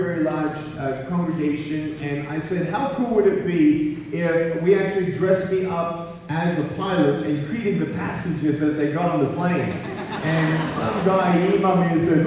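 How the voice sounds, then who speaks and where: A man in his thirties tells funny stories to a crowd, his voice a little high for a man. He is a playful storyteller who acts out the voices in his stories. The sound is picked up from far off in a very echoey school gymnasium with a long reverb. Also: darkish tone, slight background noise. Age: 30s. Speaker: motivational speaker. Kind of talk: humorous motivational speech to a live audience. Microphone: handheld mic, recorded from far off in the hall. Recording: very echoey gym recorded from far off.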